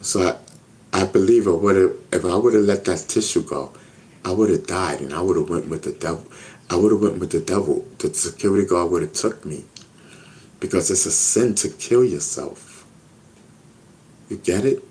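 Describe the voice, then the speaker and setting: A man's voice: low voice, normal speed, long pauses, darkish tone. A man telling a personal story in a casual interview, earnest and repetitive, often checking in with "you know what I mean?". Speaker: interview guest.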